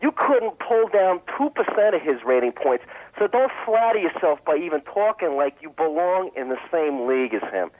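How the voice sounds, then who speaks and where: A man's voice: fairly high pitch, very animated, moderate pace, hardly any pauses. A man calling a radio show and delivering a sarcastic, scornful rant. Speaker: caller. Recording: tinny phone line.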